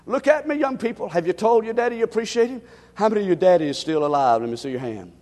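A man preaching a sermon as pastor, repeating his points and swinging from shouts to hushed tones. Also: sits high, animated, fast. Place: church sanctuary. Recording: long hall reverb.

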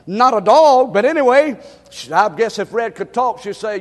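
A man preaching a sermon as pastor, repeating his points and swinging from shouts to hushed tones. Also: extremely high pitch, expressive, moderate pace. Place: church sanctuary. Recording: long hall reverb.

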